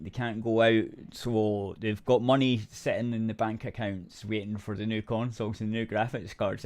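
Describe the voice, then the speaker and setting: A man's voice: fairly low pitch, darkish tone. A man co-hosting a casual podcast, swearing freely and chiming in with corrections. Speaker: podcast co-host. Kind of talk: casual chat.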